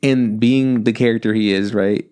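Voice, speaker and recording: A man co-hosting a podcast, retelling a film's plot in a loose, animated, profanity-laced way and acting out the characters' lines. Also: fairly low pitch, moderate pace, smooth. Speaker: podcast co-host. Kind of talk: casual podcast chat recapping a film.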